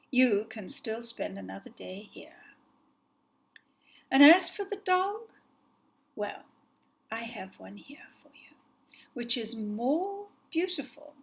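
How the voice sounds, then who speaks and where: A gentle, calm white cat queen from a fairy tale, as a woman storyteller puts her on. She speaks softly and reassuringly, at times dropping to a near whisper. Her voice is fairly high. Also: full character voice.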